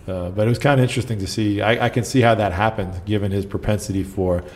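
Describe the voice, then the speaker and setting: Man, low voice, middle-aged, casual podcast storytelling, animated quotes. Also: quick pace. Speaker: basketball coach guest.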